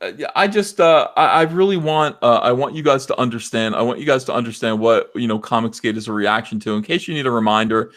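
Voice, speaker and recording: A man hosting a live stream, ranting loudly and passionately and mocking others in put-on voices. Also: mid-range voice, fast, hardly any pauses. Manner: loud, impassioned, mocking impressions. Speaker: livestream host. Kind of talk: heated livestream rant.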